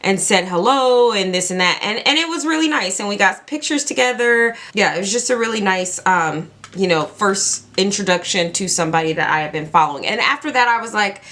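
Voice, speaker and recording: A woman beauty vlogger chatting casually while doing her makeup, telling stories in an excitable, chatty way with lots of "like". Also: mid-range voice, a little fast, hardly any pauses. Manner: excitable, chatty storytelling full of "like".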